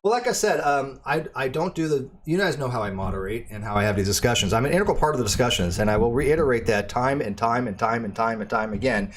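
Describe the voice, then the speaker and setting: A man hosting a casual livestream, talking in a rambling, halting way with lots of ums and repeated words. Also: medium pitch, animated. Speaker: channel host; debate show moderator.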